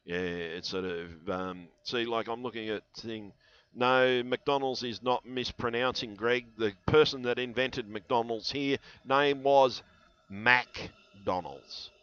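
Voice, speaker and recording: A man's voice: medium pitch, fairly even intonation, unhurried, a bit bright, clear, resonant tone, dull audio. A man rambling through a vlog monologue, answering viewer comments in a conspiratorial way with lots of fillers and restarts, on a headset mic. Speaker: channel host.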